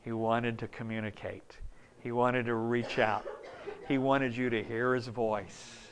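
A man in his fifties preaching a folksy, story-filled sermon, dropping to a hush and then rising loud and high. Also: level tone, measured pace, noisy background. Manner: folksy, storytelling, swings between hushed and loud.

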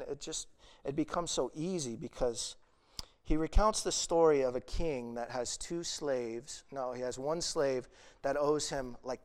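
A young man preaching a sermon earnestly, retelling a parable and acting out the pleading voices of its characters. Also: medium pitch.

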